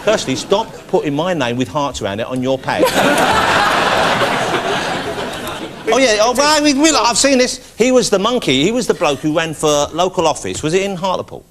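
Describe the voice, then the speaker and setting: A man's voice: high-pitched, expressive, moderate pace, long pauses, a crowd in the background. A man on a comedy panel show, riffing with playful jokes. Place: TV studio with live audience. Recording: loud audience and room noise. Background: studio audience laughter.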